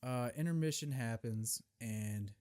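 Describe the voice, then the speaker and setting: A young man hosting a casual solo podcast, telling stories in a profane, rambling, animated way, recorded on camera. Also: medium pitch, a little slow. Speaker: podcast host.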